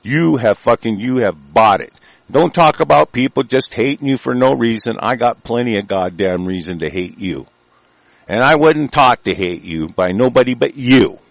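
A man hosting his own show, delivering an angry, profane rant. He breaks into shouted bursts and stumbles through halting restarts. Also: medium pitch, animated, creaky, no room sound. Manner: halting, many ums and restarts. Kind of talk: profane ranting commentary.

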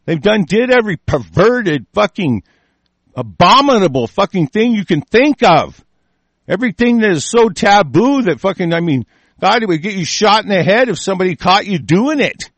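A man's voice: high-pitched, big pitch swings, moderate pace, no room sound. A man in a furious, profanity-laden solo rant, commenting on the news. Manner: furious, heavily profane ranting. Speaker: political commentator.

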